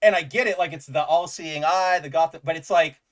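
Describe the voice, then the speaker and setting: A man's voice: a little high, brisk. A man co-hosting a casual comics chat, enthusiastic and rambling, with lots of "like" fillers. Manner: enthusiastic, rambling, says "like" often. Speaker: podcast co-host.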